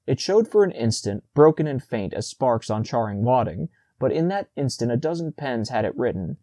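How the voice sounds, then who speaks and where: A man narrating a classic short story as an audiobook, in a measured storytelling manner. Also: mid-range voice, big pitch swings, warm tone, dry recording.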